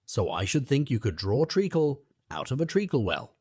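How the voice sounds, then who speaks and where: Hatter, read by a man, smug, rude, quick-witted, slightly raised voice, storybook reading. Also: medium pitch, sing-song, a little mellow, slightly rough, dry recording, clean studio sound, pitched above the performer's own voice. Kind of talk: audiobook character voice.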